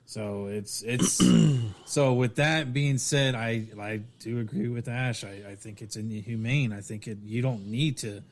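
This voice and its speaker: Male podcast co-host, middle pitch, stop-start storytelling. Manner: halting storytelling with restarts. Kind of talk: casual podcast chat.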